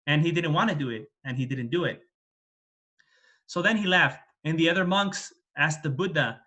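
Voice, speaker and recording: A man's voice: on the high side, fairly quick, fairly bright tone. A man, a Buddhist monk, retelling a scripture story in a plain, repetitive way with fillers. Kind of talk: dharma talk storytelling.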